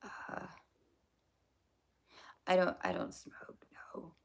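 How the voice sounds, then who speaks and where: A young woman hosting a casual livestream, hoarse from losing her voice, rambling, swearing and laughing at her own jokes as she answers chat. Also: extremely slow, in a whisper.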